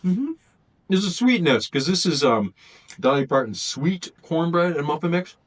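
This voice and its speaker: A man's voice: a little high, lively intonation, moderate pace. A man reviewing food in a casual vlog, thinking aloud and rambling as he tastes.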